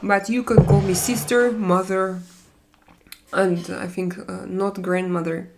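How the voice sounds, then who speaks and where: A woman in her forties with a Russian accent hosts a casual live stream in her second language. She chats with viewers in halting English, full of fillers and restarts, with a mid-range voice. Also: medium pitch, level tone, vocal fry, very noisy. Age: 40s. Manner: halting, many fillers and restarts, non-native grammar.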